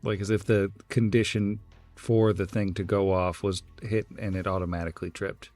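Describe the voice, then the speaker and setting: A man's voice: fairly low pitch, flat delivery, normal speed, a little mellow, no echo, soft background music. A man running a tabletop game as game master, with wry, casual narration.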